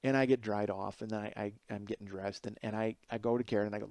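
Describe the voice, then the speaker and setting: Animated, profane man telling a story alone. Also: lowish voice, quick pace, hardly any pauses, no room sound. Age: 40s. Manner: animated, profane, self-mocking, swinging from loud to mumbled. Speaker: podcast host. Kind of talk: solo comedic storytelling.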